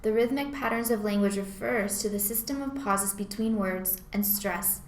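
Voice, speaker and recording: A woman's voice: medium pitch, normal speed, roomy sound, slight background noise. A woman student speaking eagerly in a prepared class presentation. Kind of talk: reading a scripted class presentation.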